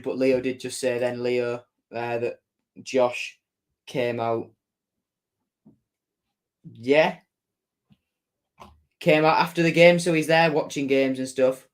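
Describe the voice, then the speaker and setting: A young man hosting a casual football livestream, chatting and reading out viewer comments with jokey asides. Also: a little high. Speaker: football fan livestream host.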